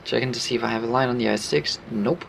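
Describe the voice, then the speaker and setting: A man giving casual commentary over his own gameplay, relaxed, laughing often and explaining his moves. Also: medium pitch, fast talker, creaky, slight background noise.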